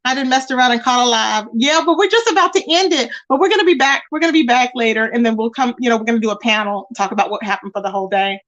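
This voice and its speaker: Woman, streamer host, casual and chatty, reads viewer comments aloud, voice on the high side. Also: quick pace, few pauses, a bit bright, lo-fi sound. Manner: chatty, greets viewers with terms like baby and child. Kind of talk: casual live-stream chat reading comments.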